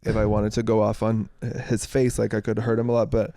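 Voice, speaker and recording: A young man co-hosting a podcast, telling a story in casual chat, animated, laughing and swearing freely. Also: fairly low pitch, brisk, no echo, studio quality. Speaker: podcast co-host.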